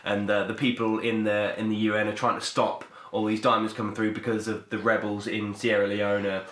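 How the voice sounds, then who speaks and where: A man's voice: on the low side, flat delivery, brisk, a bit bright. Rambling young man in an echoey room. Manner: rambling, hesitant, full of ums and restarts. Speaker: podcast co-host. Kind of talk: casual chat about films.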